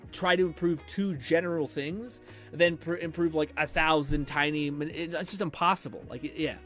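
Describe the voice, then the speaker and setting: A man's voice: a little high, fairly bright tone. A man streamer chatting casually with his stream chat and answering comments in a rambling way, full of fillers and restarts.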